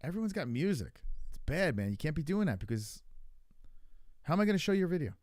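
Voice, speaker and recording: Lively, rambling male streamer. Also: fairly high pitch, a little fast, no echo, clean studio sound. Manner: loose, rambling, crude, talks to chat. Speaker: streamer host. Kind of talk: casual live-stream chat reacting to videos.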